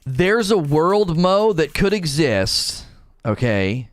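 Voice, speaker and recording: A man co-hosting a casual gaming chat, ranting in an animated, emphatic way. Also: fairly high pitch, takes it slowly, no echo, soft background music. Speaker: podcast co-host.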